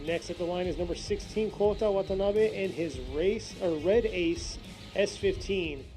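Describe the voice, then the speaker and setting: A man's voice: high-pitched, normal speed, soft background music, rough recording. A man commentating drift runs, calling each car's run play by play. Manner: excited play-by-play over car runs. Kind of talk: motorsport commentary.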